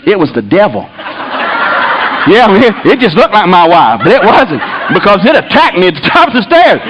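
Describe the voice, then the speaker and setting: Fast-talking, laughing comic storyteller man. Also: over a noisy crowd, heavy background noise. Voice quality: voice climbs high and loud when excited. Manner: animated, breathless, laughing as he talks. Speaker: comedian storyteller. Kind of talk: comic story to a live audience.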